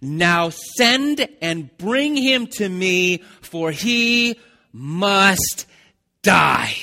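A man voicing an enraged old king, reading his words slowly and loudly. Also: sing-song, gravelly, in a large hall, heavily acted. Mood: raging. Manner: slow, loud, booming reading. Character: furious accusing king, older man.

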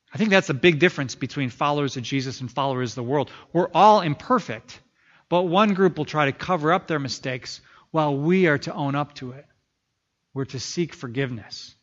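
A man's voice: fairly high pitch, a bit bright, dull audio. A man preaching a sermon as pastor, earnest and building to fervent prayerful pleas.

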